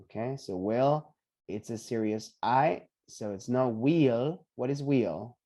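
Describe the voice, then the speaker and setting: A man teaching English pronunciation on a video call, patiently repeating each word slowly for his students. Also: medium pitch, mellow. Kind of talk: online pronunciation lesson.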